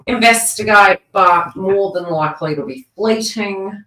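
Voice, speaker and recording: A woman's voice: mid-range voice, normal speed, pushed and bright, distant mic. A woman giving a live-streamed tarot reading, chatty and rambling, with frequent asides and restarts. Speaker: tarot reader. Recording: roomy sound, voice away from the mic.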